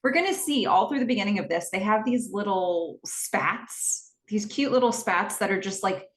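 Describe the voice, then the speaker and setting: A woman's voice: medium pitch, expressive, moderate pace, reverberant. Chatty woman recapping a TV episode. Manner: chatty, retells scenes quoting characters. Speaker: podcast host.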